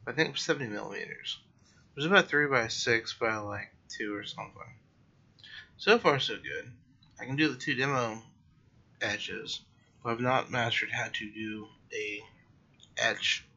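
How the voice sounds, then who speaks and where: A man's voice: medium pitch, normal speed, sharp tone, muffled recording. A tired man hosting a casual solo podcast late at night, rambling and correcting himself as he goes. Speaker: podcast host.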